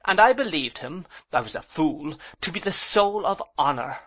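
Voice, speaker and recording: Proud older aunt, hurt and reproachful, put on by a male reader, high and bright. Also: lively intonation, normal speed. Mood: rueful. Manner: emotional, reproachful, then composed and rueful. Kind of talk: audiobook character voice.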